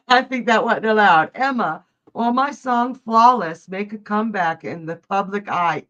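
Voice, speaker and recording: A woman's voice: mid-range voice, slow, a bit bright. A woman hosting a live tarot reading stream, chatty, often laughing and reading viewers' questions aloud. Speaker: psychic livestream host.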